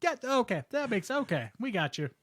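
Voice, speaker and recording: Man, podcast guest, laid-back, dry asides, lively pitch, studio mic. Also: brisk, dry recording. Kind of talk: casual comedic chat.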